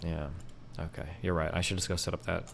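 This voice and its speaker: Man, very deep gravelly voice, rapid sarcastic banter, faint noise behind. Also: flat delivery. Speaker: streamer. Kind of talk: casual chat on a live stream while gaming.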